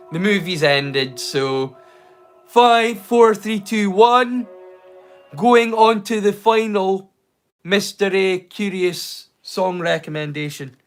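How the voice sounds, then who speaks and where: A man with a Scottish accent hosting a live watch-along stream, chatting casually and rambling playfully into silly rhymes and jokes. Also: high voice. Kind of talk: casual livestream chat.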